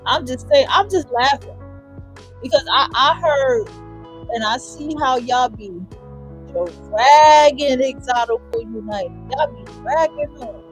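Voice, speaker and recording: A woman hosting a livestream, giving emphatic, repetitive reaction commentary with a husky voice. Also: high voice, a little slow, faint music behind. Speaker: livestream host.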